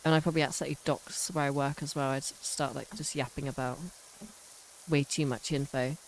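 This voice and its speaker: A woman's voice: very deep voice, steady tone, brisk, a little hiss or hum, low-quality recording. A woman chatting casually on a game live stream, rambling and self-mocking.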